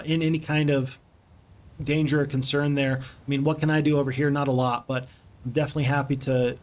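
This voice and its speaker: A man with a mid-range voice live-streams a strategy game, chatting casually and expressively with viewers and exclaiming often.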